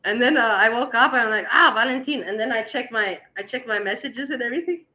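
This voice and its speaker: A woman casually telling a personal story to her viewers, animated and laughing as she acts out the dialogue. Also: a little high, fast, poor audio.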